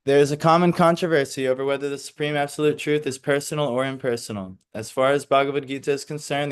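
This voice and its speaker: A man leading a scripture class, reading passages aloud and explaining them in a casual way, hesitant over Sanskrit recitation. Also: medium pitch. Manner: reads steadily, then slips into casual asides with fillers.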